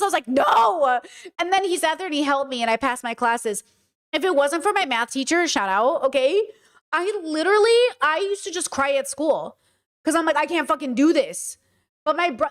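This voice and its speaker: High-voiced woman streamer, blunt and animated. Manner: animated, blunt, swears freely, addresses chat directly. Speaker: streamer host. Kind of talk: casual livestream chat reacting to a video.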